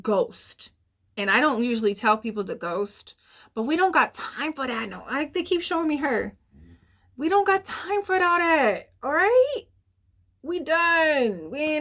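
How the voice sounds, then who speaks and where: Chatty young woman reading tarot. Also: medium pitch. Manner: chatty, animated, frequent fillers and swearing, laughs at herself. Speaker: tarot reader. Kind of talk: casual tarot reading monologue.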